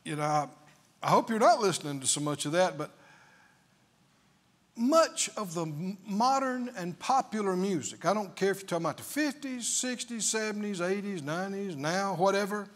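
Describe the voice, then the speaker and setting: Preacher guy, high voice, swoops all over, takes his time, keeps asking the crowd questions. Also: animated, moderate pace. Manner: emphatic, with rhetorical questions. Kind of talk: sermon.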